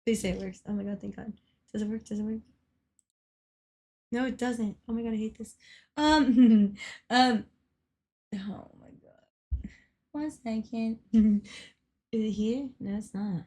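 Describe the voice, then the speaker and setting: A woman's voice: fairly high pitch, steady tone, normal speed, pauses often, mellow, slightly rough. A young woman livestreaming a game, chatting casually, laughing often and swearing freely. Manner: giggly, swears freely, teasing. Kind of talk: casual gaming stream chat.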